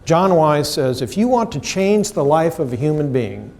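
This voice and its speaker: A middle-aged American seminar presenter gives a professional development lecture, speaking emphatically, throwing questions to the room and acting out the people he quotes. His voice is fairly high-pitched and somewhat dark in tone, with a sing-song delivery at a moderate pace.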